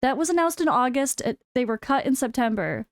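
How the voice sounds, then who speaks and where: An American woman who creates gaming content full-time talks candidly to her viewers in a casual vlog, slipping in wry, sarcastic asides. Her voice is high and sing-song, fairly quick, and the recording is studio quality with no echo.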